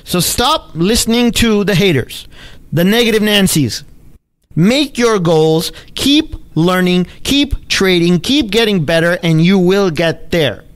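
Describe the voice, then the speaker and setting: A man hosting a podcast, telling a personal story in an emphatic, animated way with punchy exclamations. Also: high voice, a little slow. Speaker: podcast host, trading educator. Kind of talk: storytelling monologue.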